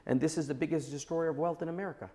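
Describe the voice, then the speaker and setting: A man's voice: on the high side, fairly even intonation, rapid-fire, warm tone. A man in his forties, a guest on a podcast interview, giving blunt and emphatic opinions. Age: 40s. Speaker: entrepreneur guest.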